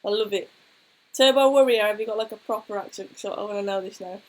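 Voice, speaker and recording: A woman's voice: medium pitch, quick pace, a little mellow, low-quality recording. A young woman, co-hosting a casual football chat and reading out viewer questions. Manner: chatty, reads out viewer questions. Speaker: co-host.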